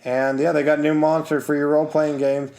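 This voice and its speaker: A man's voice: on the high side, level tone, brisk. Easygoing male podcast co-host. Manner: easygoing, reads out funding details, gently corrects his co-host. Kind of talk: casual chat previewing crowdfunded games.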